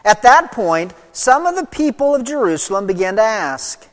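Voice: mid-range voice, very animated, moderate pace, hardly any pauses. Preacher teaching in a reverberant hall. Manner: emphatic teaching, swinging between loud stresses and quiet drops. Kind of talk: expository sermon. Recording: long reverb of a large hall.

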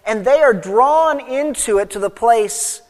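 High-voiced male preacher in a reverberant hall. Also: a little slow. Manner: reads scripture aloud, then expounds with emphatic swings of pitch and volume. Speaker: pastor. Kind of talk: sermon.

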